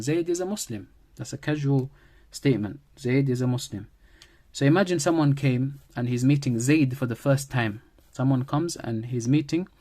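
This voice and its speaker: A mellow, middle-pitched man teaches a grammar lesson with patient, classroom-style delivery. He repeats key phrases and builds each point around everyday examples.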